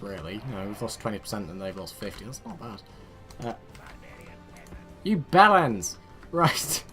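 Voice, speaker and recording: A man commentating his own strategy game play, excitable, barking orders at his units and muttering to himself. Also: fairly low pitch. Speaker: let's play host. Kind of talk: gameplay commentary.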